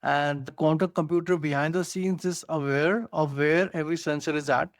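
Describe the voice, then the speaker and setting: A man's voice: a little high, fairly even intonation, moderate pace, no echo, clean studio sound. A man with an Indian accent co-hosting a podcast, explaining technology eagerly with many "you know" fillers. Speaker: co-host. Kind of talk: casual tech podcast chat.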